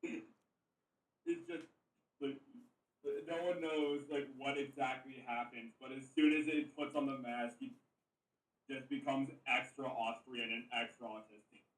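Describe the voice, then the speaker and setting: A man's voice: medium pitch, measured pace, pauses often, recorded from a distance. Man chatting from off the mic. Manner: laughing, rambling. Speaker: player. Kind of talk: casual chat among friends. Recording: roomy sound from off the mic.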